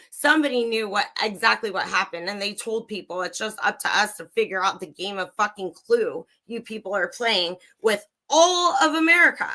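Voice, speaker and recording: A woman's voice: fairly high pitch, bright, forceful tone. A young woman livestreaming true crime commentary, angry, sarcastic and swearing freely as she reads and reacts. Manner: profane, sarcastic, heated.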